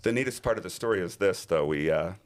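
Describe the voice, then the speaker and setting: A man's voice: deep voice, animated, quick pace, slight background noise. A middle-aged man, a podcast guest, telling a personal story in earnest and acting out other people's lines.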